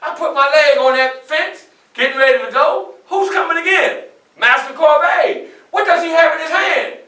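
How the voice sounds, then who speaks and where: A man performing as Frederick Douglass, telling his story in the first person with animated, often shouted storytelling to a live audience. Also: very high-pitched, moderate pace, distant mic. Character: Frederick Douglass, a defiant young man escaping slavery. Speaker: historical portrayer. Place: public library event room. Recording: echoey room, mic from afar.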